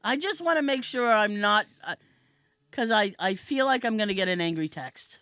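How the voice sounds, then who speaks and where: A woman hosting a podcast, telling a comic story in a casual, animated way and laughing often. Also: mid-range voice, normal speed, dry recording. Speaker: podcast host.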